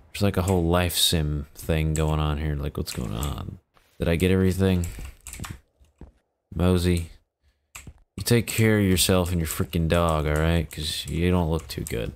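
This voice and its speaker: A man's voice: deep voice, slight background noise. A man giving casual, joking gameplay commentary, talking back to the game's characters in mock exasperation. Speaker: gaming YouTuber.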